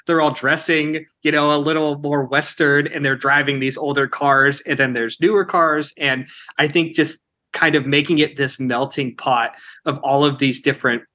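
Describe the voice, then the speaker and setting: A man's voice: fairly high pitch, steady tone, moderate pace, bright, forceful tone. A man from Kansas, a film director answering interview questions in a chatty way, full of "you know" and "like". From Kansas, United States.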